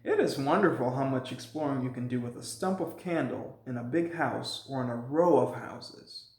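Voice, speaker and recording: A man reads a children's novel aloud at an easy, relaxed pace, now and then dropping in casual asides. His voice sits at a middling pitch. The room around him adds a clear echo. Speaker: channel host reading aloud.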